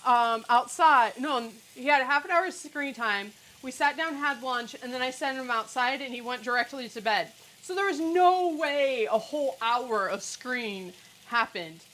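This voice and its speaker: Bright chatty woman cooking live. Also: a little high, poor audio. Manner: chatty, joking, sarcastic asides. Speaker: cooking livestream host. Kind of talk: casual live cooking chat. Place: home kitchen.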